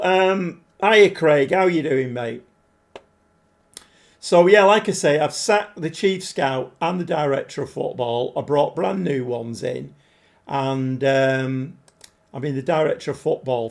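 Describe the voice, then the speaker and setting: A man live-streaming a game, chatting to viewers and getting easily frustrated, his voice a bit hoarse. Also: fairly high pitch, darkish tone. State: voice struggling, slightly hoarse. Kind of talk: live-stream commentary while playing.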